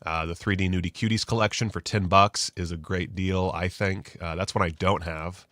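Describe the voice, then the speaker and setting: A man's voice: low-pitched, steady tone, moderate pace, a bit bright, no echo. A man hosting a live show, chatting in a rambling, self-deprecating way with casual profanity. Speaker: host. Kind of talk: casual live-stream chat.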